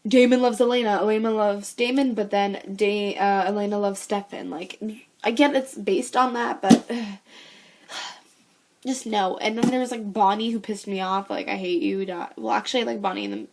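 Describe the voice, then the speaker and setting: A woman's voice: medium pitch, fairly even intonation, moderate pace, noisy background. A teenage girl giving a casual, exasperated vlog review of books she dislikes, sighing and swearing as she rants. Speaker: book vlogger.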